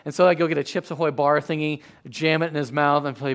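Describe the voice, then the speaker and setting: Chatty, animated pastor preaching. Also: male voice, a little high, fast. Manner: chatty storyteller, animated with sudden loud outbursts. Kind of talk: sermon.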